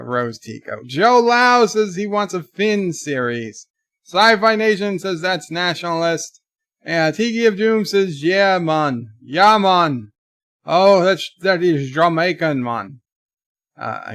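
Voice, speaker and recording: A man's voice: a little high, a bit bright, no echo, studio quality. A man hosting a casual livestream who reads viewers' chat messages aloud and answers them. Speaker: livestream host.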